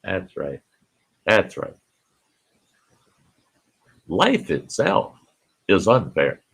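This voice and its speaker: A man's voice: low voice, huge pitch swings, drawn-out words, vocal fry, fairly bright tone, breathy edge. An older man hosting a casual live stream, folksy, greeting chat viewers by name and often laughing, with an Upper Midwest American accent.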